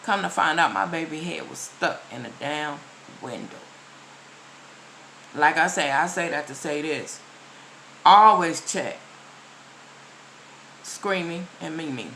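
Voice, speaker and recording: A woman's voice: low voice, lively intonation, slow pace, gravelly, pauses often, fairly bright tone, a little hiss or hum, rough recording. A woman vlogger talking straight to her viewers in casual commentary, emphatic and repeating her key phrases as she lectures them. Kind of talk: casual direct-to-camera commentary.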